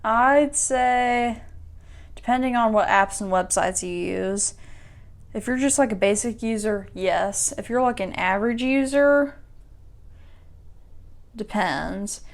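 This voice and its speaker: Smooth-voiced woman, rambling tech walkthrough. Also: a little high, slow pace, long pauses. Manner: rambling, self-correcting, restarts sentences often. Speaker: tech YouTuber.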